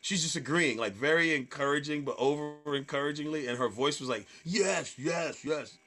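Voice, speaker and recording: A man, a comedian, telling stage stories in casual chat, swearing freely and acting out hecklers in loud voices. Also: a little high, quick pace, faint music behind. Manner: animated storyteller, acts out hecklers in loud voices. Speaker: stand-up comedian guest.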